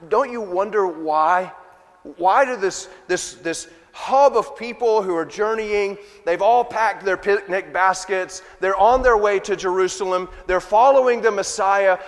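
Man preaching in an echoing hall. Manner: swings from loud emphatic preaching to quiet, low asides. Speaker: pastor. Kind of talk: sermon. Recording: long reverb of a large hall.

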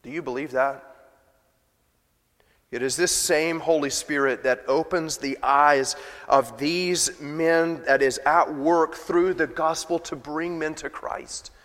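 A man delivers a sermon in a fairly high voice, his words trailing into the long reverb of a large hall. He swings between loud, emphatic preaching and hushed, low-voiced asides. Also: steady tone, slow pace. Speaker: pastor.

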